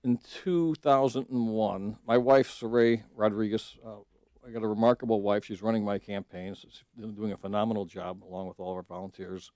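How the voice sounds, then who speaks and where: Middle-aged man, low mellow voice, dry studio sound, earnest guest who restarts often. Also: steady tone, a little fast, no echo. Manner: earnest storytelling, frequent restarts and fillers. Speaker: judicial candidate, radio guest. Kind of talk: casual radio interview. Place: radio studio.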